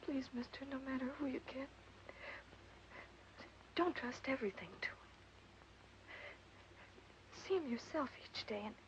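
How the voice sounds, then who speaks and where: An actress playing a high-voiced young farm daughter. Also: female voice, close to an everyday voice. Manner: pleading, soft and breathy. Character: earnest young farm daughter, devoted to the horse. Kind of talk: 1940s film acting. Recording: muffled old film soundtrack with faint hiss.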